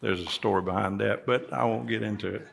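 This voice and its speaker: A man's voice: lowish voice, fairly even intonation, a little fast, creaky, fairly bright tone, a little hiss or hum. A male pastor delivering a sermon in a church, folksy in tone and rising emphatically on key words. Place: church sanctuary.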